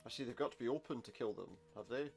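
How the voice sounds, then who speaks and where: A medium-pitched voice that's gravelly yet a little mellow belongs to a fast-talking man playing a retro game. He offers casual let's-play commentary peppered with wry humor and muttered asides, game music playing behind.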